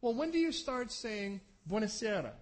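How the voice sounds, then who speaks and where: A man preaching a sermon, telling the story in an animated way and acting out the scenes with quick asides to the congregation. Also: extremely high pitch.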